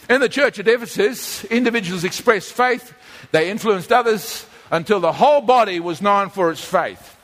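Man, pastor, lively sermon, very high-pitched voice. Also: big-room sound. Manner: animated, acts out quoted voices like a whining child.

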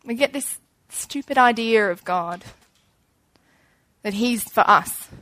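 Animated young woman preaching. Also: fairly high pitch, slow. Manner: chatty and animated, acting out little scenes. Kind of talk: informal sermon.

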